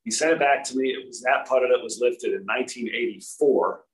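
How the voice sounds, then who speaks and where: A man from Rhode Island, a former tour golfer, telling relaxed anecdotes in a casual chat with frequent restarts. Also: medium pitch, a little fast, low-quality recording.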